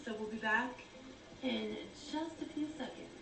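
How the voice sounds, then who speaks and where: A woman presenting a baking video, calmly walking through recipe steps. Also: on the high side, moderate pace. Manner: steady, instructive. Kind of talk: step-by-step cooking instructions. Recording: distant, roomy, loud music behind.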